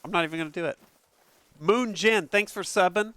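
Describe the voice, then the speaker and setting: A man casually commentating a game stream from an upstairs room at home, excitable and profane, laughing often. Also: high voice, fairly quick, clean tone, no echo.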